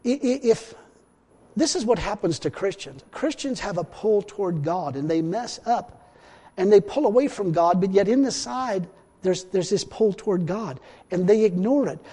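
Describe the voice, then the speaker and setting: A man preaching a sermon in a folksy way, repeating himself and swinging between loud and hushed. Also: high-pitched, lively intonation, moderate pace, husky. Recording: long hall reverb.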